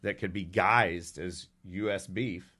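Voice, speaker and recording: A man with a very deep voice explains things plainly as a guest. He stays matter-of-fact but leans hard on the points he wants to land. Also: fairly even intonation, slow pace, pushed and bright, slightly rough. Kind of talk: explanatory interview talk.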